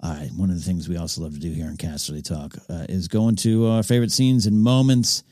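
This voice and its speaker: A man with a fairly low voice talks through a show episode as a podcast host. He is eager and rambling, circling back on his words. The sound is dry and close. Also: fast, warm tone, no echo. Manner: enthusiastic, rambling, with frequent restarts. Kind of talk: casual episode recap commentary.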